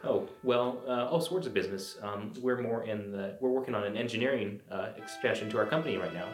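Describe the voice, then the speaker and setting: A man's voice: fairly low pitch, a little fast, roomy sound, over music. A man playing a tabletop game, talking in a casual, loose way with many fillers. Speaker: player. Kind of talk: tabletop role-play.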